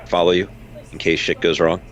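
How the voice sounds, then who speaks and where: A man's voice: low voice, little pitch movement, a little fast. A man playing in a tabletop role-play session, hesitant and full of fillers. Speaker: player. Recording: dull lo-fi mic with faint noise.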